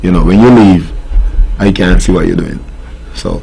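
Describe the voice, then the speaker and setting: Deep-voiced Nevisian man, steel pan tutor. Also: normal speed, vocal fry, long pauses, mellow, a little hiss or hum. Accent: Nevisian Caribbean English. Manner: earnest, firm when listing rules. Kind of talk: casual interview answers. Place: radio studio.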